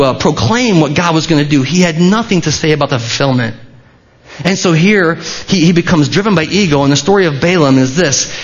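Guy preaching, kinda high voice, chatty sermon style, dull lo-fi recording. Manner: conversational preaching with restarts and asides. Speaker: pastor.

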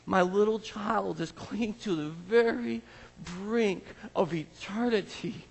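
A man's voice: high-pitched, slow pace, gravelly, husky, long reverb tail, poor audio. A man preaching a sermon as a pastor, acting out scripture scenes with a volunteer. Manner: animated, acts out scripture scenes.

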